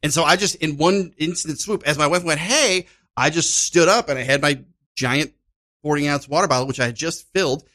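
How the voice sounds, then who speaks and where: Male storyteller, animated, acts out the voices in his anecdotes; pitch on the higher side. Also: brisk. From Chicago. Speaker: podcast guest, improviser. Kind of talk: casual storytelling chat.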